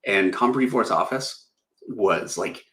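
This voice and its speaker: A middle-aged man with a fairly low voice hosts a casual livestream. He rambles through stories and laughs at himself. The sound bounces around a roomy space. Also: slow, fairly bright tone. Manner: rambling, self-deprecating, laughs often. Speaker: artist and livestream host. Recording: roomy echo.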